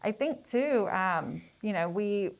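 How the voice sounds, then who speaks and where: A woman's voice: mid-range voice, animated, slow pace, vocal fry, poor audio. A young adult woman working as a public health educator, speaking in an earnest, encouraging way in a panel discussion. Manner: earnest, encouraging, talking-point delivery.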